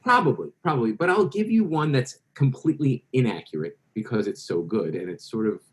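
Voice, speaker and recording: A male interview guest with an ordinary middle-pitched voice spins long anecdotes. He wanders, restarts and corrects himself mid-sentence in a relaxed conversational way. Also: fairly quick, poor audio. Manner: rambling anecdotal, self-correcting. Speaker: guest author.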